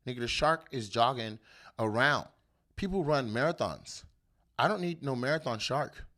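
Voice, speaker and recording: Riffing on current events, this comedian host delivers a loud, profane, animated rant on his show, his bright, forceful voice at a medium pitch and moderate pace. He repeatedly breaks into over-the-top bits.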